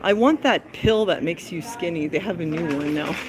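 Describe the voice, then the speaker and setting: A woman's voice: lowish voice, normal speed, heavy background noise. Chatty woman vlogging on an uphill walk. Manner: chatty, breathless from climbing, yawning. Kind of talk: walking travel vlog. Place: outdoors in a hilly lakeside town.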